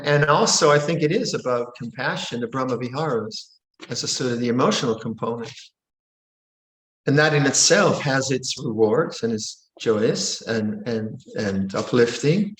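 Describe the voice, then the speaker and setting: Monastic teacher, gentle and playful, given to sudden high exclamations; mid-pitched male voice in a roomy, echoing space. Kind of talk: Dharma Q&A teaching. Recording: roomy echo.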